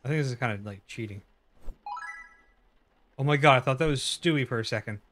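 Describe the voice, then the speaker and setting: A man's voice: mid-range voice, a little fast, fairly bright tone, a little hiss or hum. A man casually commenting while playing a horror game, chatty and curious, swearing now and then. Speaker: gaming video creator. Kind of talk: casual let's-play commentary.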